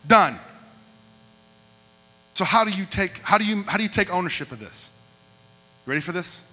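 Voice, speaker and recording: A youth pastor preaches a youth service sermon in a high-pitched, bright, pushed voice with lively intonation at a moderate pace. Punchy and repetitive, he repeats short lines while directing a group in a large hall. The recording is echoey, with mains hum.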